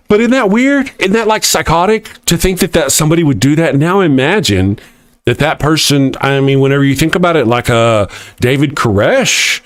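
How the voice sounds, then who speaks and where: Middle-aged male host, irreverent and mocking, slightly high voice. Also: clear, resonant tone, no echo. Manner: irreverent, mocking, laughs often. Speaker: host of a live atheist morning show. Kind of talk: casual live-stream talk reading viewer comments.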